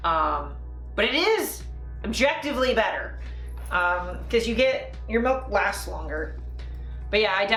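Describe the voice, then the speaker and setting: A woman's voice: mid-range voice, a bit bright, echoey room. A Canadian woman streaming a casual live chat, talking freely with frequent laughs and fillers. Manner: chatty, laughing, trails off into fillers.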